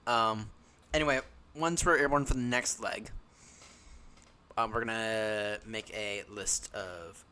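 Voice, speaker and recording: A young American man with a fairly low, clear, resonant voice and a sharp tone talks slowly while streaming a flight simulator. He chats casually, rambling and frequently correcting himself.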